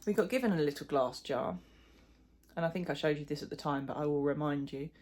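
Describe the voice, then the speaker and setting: A woman's voice: low-pitched, fairly quick, a little mellow. A middle-aged woman chatting casually in a crochet vlog, rambling and self-deprecating, with plenty of fillers. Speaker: crochet vlogger. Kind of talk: casual chat.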